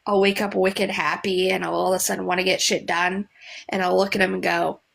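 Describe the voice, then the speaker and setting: A woman's voice: on the low side, level tone, brisk, gravelly, a bit bright. A woman, chatting candidly as a guest on a live stream, rambling with many likes. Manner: rambling, candid, full of likes and self-quotes. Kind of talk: casual live chat.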